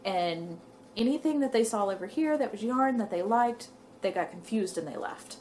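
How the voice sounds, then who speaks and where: A young woman chats to her viewers in a casual, rambling way. Her voice sits at a middling pitch and she sounds a little out of breath. Faint background noise runs under her talk. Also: lively intonation, normal speed, darkish tone. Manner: rambling, chatty, says "y'all". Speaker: knitting vlogger. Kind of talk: casual chat to camera.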